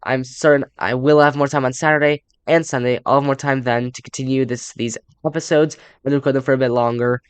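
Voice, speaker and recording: A man's voice: mid-range voice, steady tone, a little fast, few pauses, clean tone, no echo. A young man giving casual, rambling let's play commentary and reading game text aloud, with upbeat sign-offs. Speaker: gaming YouTuber.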